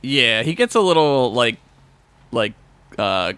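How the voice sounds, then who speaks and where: A man's voice: medium pitch, big pitch swings, takes it slowly, fairly bright tone, clean tone, no room sound. A man co-hosting a casual podcast, rambling with lots of fillers and swearing. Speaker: podcast co-host.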